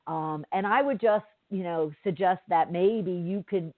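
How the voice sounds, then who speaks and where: Speaking a little slowly in a fairly low voice, a woman hosting a podcast rambles through a story, chatty and full of fillers and asides. It's a casual monologue captured on a dry, tinny, phone-like line without any room sound.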